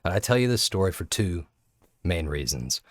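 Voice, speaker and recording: A man teaching public speaking through a personal story, earnest and candid, often halting and restarting mid-sentence. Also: deep voice, sing-song, no room sound, clean studio sound.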